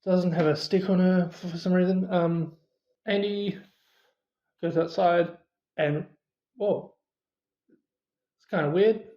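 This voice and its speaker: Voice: medium pitch, steady tone, slow pace, long pauses, mellow, reverberant, lo-fi sound. A movie reviewer casually retelling a horror film's plot, with many fillers and quoted asides.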